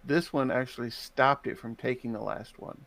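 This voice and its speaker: An American man with a strongly gravelly, creaky voice co-hosts a casual game stream. He sits at a middle pitch and works through explanations of game mechanics at length, in a thoughtful, unhurried way. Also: fairly even intonation, fairly bright tone. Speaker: stream co-host. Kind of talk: casual live-stream chat.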